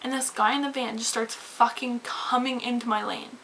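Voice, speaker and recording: Woman vlogger, bright higher voice, animated profane storytime rant, faint hiss. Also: normal speed, low-quality recording. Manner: animated, swearing, rambling with many "like"s. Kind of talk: casual storytime rant to camera.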